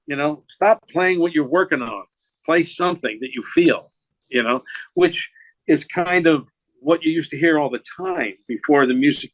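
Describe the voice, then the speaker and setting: A man's voice: medium pitch, fairly bright tone, no room sound, poor audio. A man in his sixties, a jazz saxophonist and teacher, telling stories in a casual interview, rambling with many restarts. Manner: rambling, full of restarts and "you know". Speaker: jazz saxophonist and educator, podcast guest.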